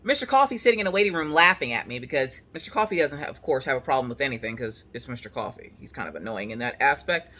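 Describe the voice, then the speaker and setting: A woman's voice: a bass voice, animated, fast talker, few pauses, fairly bright tone. A young adult woman in a casual at-home chat, telling a story in a dramatic, comic way and acting out the people in it. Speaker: craft vlogger. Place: at home on a couch.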